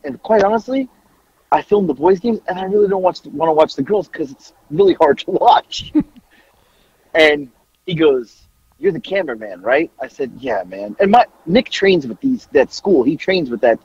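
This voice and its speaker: Man in his forties, husky voice, lively swinging pitch, profane storyteller, dull lo-fi recording. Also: no room sound. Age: 40s. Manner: loud, profane, animated storyteller. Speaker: podcast co-host. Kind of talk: casual storytelling chat.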